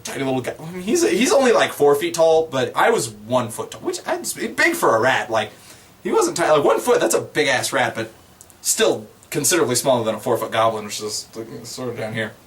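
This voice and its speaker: Chuckling as he goes, a man casually narrates a tabletop gaming session in a rambling, animated style. His pitch is medium and his delivery a little fast.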